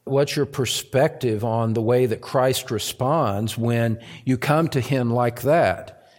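A man preaching a sermon in a church, earnest, repeating phrases and swelling louder on key words. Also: medium pitch, takes it slowly. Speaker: pastor.

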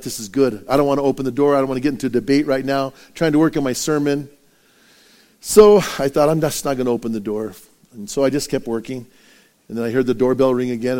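Animated preaching man, higher voice. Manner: animated preaching with rhetorical questions and acted-out anecdotes. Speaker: pastor. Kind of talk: sermon.

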